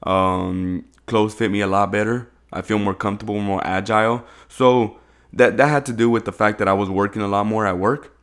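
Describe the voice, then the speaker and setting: A man's voice: fairly low pitch, fairly even intonation, normal speed, fairly bright tone. A young man co-hosting a podcast in casual, slangy chat, swearing freely. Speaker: podcast co-host.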